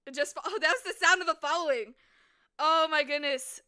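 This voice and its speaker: A woman streaming a story game, reading it aloud and chatting with viewers, quick to burst into excited exclamations. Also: sits high. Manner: excitable, breaks into squeals and exclamations.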